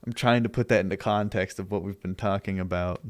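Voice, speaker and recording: A man's voice: sits low, steady tone, fairly quick, no echo. A young man streaming, arguing with his chat in a sarcastic, argumentative way and laughing often. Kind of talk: casual livestream chat.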